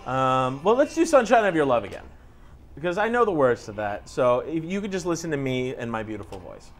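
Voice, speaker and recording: A man's voice: medium pitch, big pitch swings, fairly quick. A man co-hosting a casual gaming chat, joking around and humming along. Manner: joking, sings along off-key and hums riffs. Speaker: co-host. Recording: game music playing behind.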